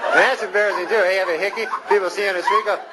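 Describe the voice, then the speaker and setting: A young man from Canada doing a stand-up set in a comedy club, with a deadpan, rambling delivery and drawn-out pauses. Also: high-pitched. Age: 20s. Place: comedy club stage with live audience. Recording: loud crowd laughter and noisy live room.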